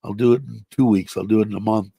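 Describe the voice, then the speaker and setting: A man's voice: lowish voice, fairly even intonation, fast, creaky, mellow, breathy edge, no echo. Blunt older man rambling on a livestream. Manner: rambling, blunt, profane, laughs often. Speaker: livestream host. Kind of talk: casual livestream chat. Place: home in Thailand.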